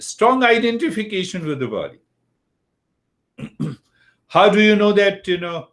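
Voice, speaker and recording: An older man teaching a yoga philosophy lesson, who asks questions and answers them himself. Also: sits high. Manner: slow and deliberate, asks and answers his own questions.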